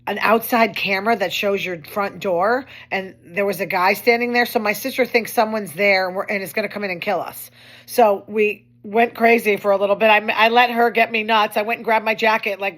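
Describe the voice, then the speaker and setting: A woman's voice: mid-range voice, fairly even intonation, moderate pace, fairly bright tone. A woman hosting her own show, talking in a chatty, wry way with complaining asides. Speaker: host. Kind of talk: casual monologue commentary.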